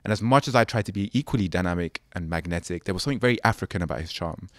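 A man's voice: deep voice, lively intonation, racing, no room sound, studio quality. A British man hosting an interview, asking thoughtful questions full of "like" and "kind of". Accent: British English. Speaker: interview host. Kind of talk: conversational interview.

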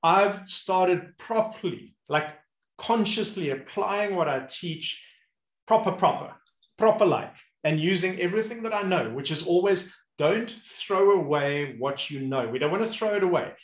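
A man with a fairly high voice tells stories animatedly in a relaxed chat, slipping in and out of the voices of the people he describes. The room echoes noticeably around him. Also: measured pace. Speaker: movement coach and host. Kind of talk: casual conversation. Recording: roomy echo.

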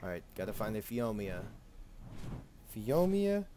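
A man's voice: on the low side, animated, normal speed, a little hiss or hum. A man giving casual gameplay commentary, chatting goofily to the creatures he tames. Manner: goofy, talks to the creature, silly sing-song bits. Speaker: gameplay host.

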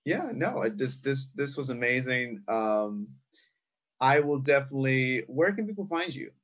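A young man at a middle pitch hosts a podcast in relaxed conversation. He agrees readily and fills his speech with "like". His tone stays friendly and unhurried. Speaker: podcast host. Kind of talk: casual chat.

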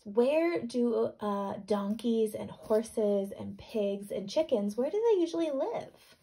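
Husky woman teacher reading to children. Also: a little high, takes it slowly. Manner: animated, questioning, sounds words out. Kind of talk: reading a picture book aloud to young students.

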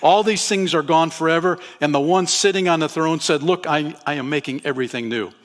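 A man's voice: a little high, fairly quick. A man as pastor, preaching a conversational sermon to his congregation in a church and asking them questions. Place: church sanctuary.

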